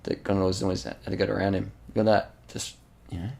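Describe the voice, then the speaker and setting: Gravelly, deep man commentating. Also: fast talker. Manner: excited, repetitive, swearing, slangy. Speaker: channel host. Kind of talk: casual commentary over race footage.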